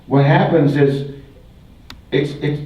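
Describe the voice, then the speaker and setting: An older guest speaker from Wisconsin gives a folksy public talk in a fairly high voice, speaking slowly with fairly even intonation. He mixes humor with repeated phrases, and audience laughter comes through a distant, roomy, dull hall recording.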